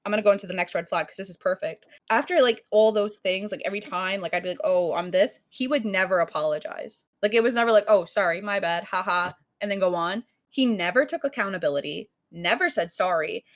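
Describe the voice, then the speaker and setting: A young woman co-hosting a podcast, telling a story in casual chat, full of fillers and cursing, acting out quoted lines loudly. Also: medium pitch, quick pace, hardly any pauses. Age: young adult. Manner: animated storytelling, heavy filler "like", frequent cursing; acts out quoted lines in raised louder voice. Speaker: podcast co-host.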